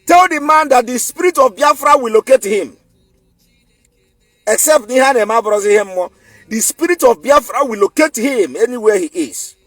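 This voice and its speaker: A man's voice: extremely high pitch, animated, a little slow, fairly bright tone, no echo, soft background music. A man with a Nigerian accent giving an emphatic, defiant online commentary, repeating his points for force. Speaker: political commentator.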